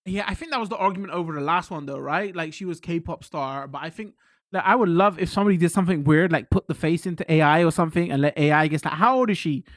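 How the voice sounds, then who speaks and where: A high-pitched British man rambles through a casual live-stream chat. He is excitable and swears freely. His voice sounds close and dry, with no room around it. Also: fast talker, dry recording.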